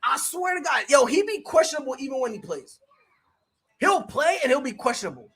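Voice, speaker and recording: Excitable slangy live game commentator. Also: high-pitched, brisk. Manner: excitable, bursts into shouted reactions and laughter; slangy, chats with viewers between plays. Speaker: sports streamer. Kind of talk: casual live play-by-play commentary.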